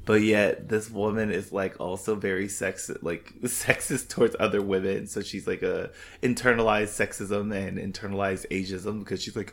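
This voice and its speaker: A man's voice: fairly low pitch, flat delivery, normal speed, gravelly, hardly any pauses, fairly bright tone. A man co-hosting a casual podcast, sassy and joking as he picks apart a movie. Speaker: podcast co-host. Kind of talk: casual movie review chat.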